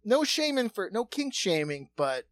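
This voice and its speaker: A woman co-hosting a comedy podcast, trading quick jokes and laughing often. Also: mid-range voice, big pitch swings, no room sound. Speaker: podcast co-host. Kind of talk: casual comedic chat.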